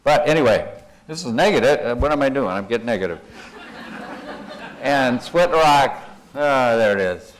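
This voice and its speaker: An older man addresses a conference audience in a folksy, meandering way, pausing to chuckle at his own asides. His voice sits in an ordinary middle pitch. He slips easily into a gentle guided imagery exercise. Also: expressive, rough recording. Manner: folksy, wandering, self-deprecating, with chuckles. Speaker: conference speaker. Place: conference room.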